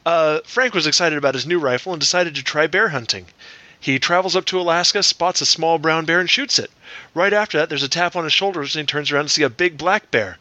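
A man's voice: on the high side, fast talker, bright, forceful tone, dry recording. A man co-hosting a comedy podcast, reading listener jokes in a crude, joking way. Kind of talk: casual comedy podcast chat.

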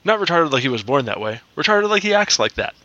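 A man's voice: a little high, sing-song, fast talker, bright, forceful tone, muffled recording. A young man co-hosting a casual podcast, wry and a bit pedantic. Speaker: podcast co-host. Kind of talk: casual banter.

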